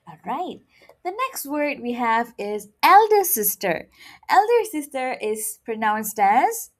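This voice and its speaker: A woman's voice: fairly high pitch, sing-song, takes it slowly. A woman teaching a playful beginner Mandarin lesson and drilling words by repeating them. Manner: upbeat, drills words with rising repetition.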